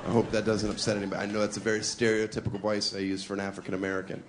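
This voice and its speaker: A man's voice: fairly low pitch, very fast. Cheeky male stand-up comic, noisy club. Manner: cheeky, deadpan asides, laughing at own jokes. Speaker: stand-up comedian. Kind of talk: live stand-up routine. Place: comedy club stage.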